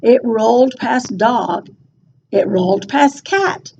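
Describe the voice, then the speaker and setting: A woman reading a rhyming children's picture book aloud in an expressive, sing-song storytelling voice. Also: on the high side, takes it slowly, gravelly, highs cut off, slight background noise.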